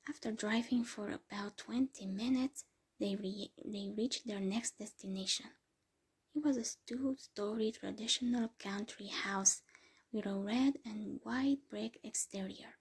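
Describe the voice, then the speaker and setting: A woman reading a story aloud in a soft, slow whisper, as whispered role-play narration. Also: mid-range voice. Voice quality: breathy whisper.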